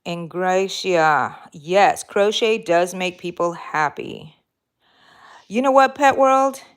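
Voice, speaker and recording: This crochet livestream host has a clean, low voice with lively intonation and a slow delivery. While she works, she casually answers viewers' comments, meandering with fillers and frequently correcting herself.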